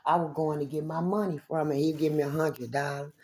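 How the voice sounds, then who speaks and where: A woman's voice: sits low, steady tone, a little fast, a little mellow, slightly rough. A woman talking straight to her viewers in an angry, confrontational monologue. She swears a lot and repeats herself. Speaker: vlogger addressing viewers. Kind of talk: angry direct-to-camera monologue.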